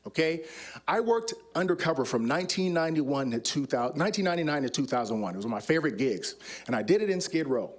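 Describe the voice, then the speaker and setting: A former undercover officer speaking on a conference stage, telling stories and acting out the scenes. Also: male voice, on the high side, very animated, quick pace. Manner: demonstrative, acts out scenes. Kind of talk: animated storytelling talk.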